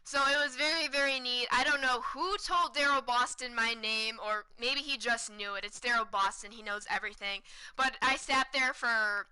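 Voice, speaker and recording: Bright excited young woman streamer. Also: a little high, normal speed, poor audio. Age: 20s. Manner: excited, chatty, repeats words for emphasis. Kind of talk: casual storytelling to stream chat.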